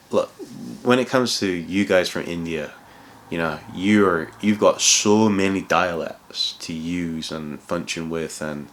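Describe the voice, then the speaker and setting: Deep and a little bright, this man's voice belongs to a consultant who moved to England from abroad. He gives casual career advice in a rambling way, constantly restarting and saying "you know".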